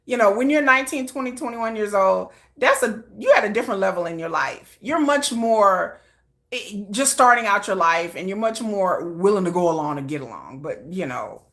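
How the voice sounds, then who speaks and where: A woman with a Texan twang hosting a casual livestream, chatty and animated, often restarting her sentences. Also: mid-range voice, moderate pace. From Texas. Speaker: K-pop news livestream host.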